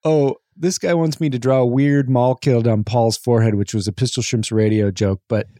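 Brief: male podcast co-host, mellow dark tone, dry sound, easygoing and halting. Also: medium pitch, fairly even intonation, no echo. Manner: easygoing, reading listener names with halting fillers. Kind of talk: casual chat.

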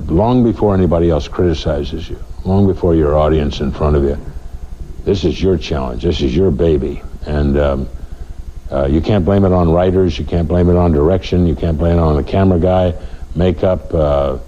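A man's voice: a bass voice, moderate pace, warm tone, dull audio, slight background noise. A man in an interview, reflecting thoughtfully with hesitant fillers.

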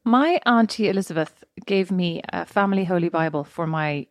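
A young woman co-hosting a casual chat, telling rambling, animated stories. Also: on the low side, moderate pace, no echo, clean studio sound. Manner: chatty storytelling, animated and rambling.

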